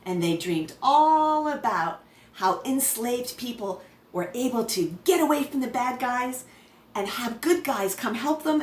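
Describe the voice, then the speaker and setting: Lively woman reading a picture book. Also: on the high side. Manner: lively, expressive, speaks directly to kids. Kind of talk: picture book read-aloud.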